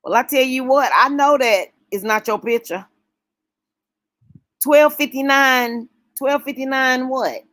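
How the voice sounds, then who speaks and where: A woman hosting a casual late-night livestream, talking warmly and emotionally with her viewers. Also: high voice, measured pace, dry recording. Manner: emotional, folksy, talks straight to chat.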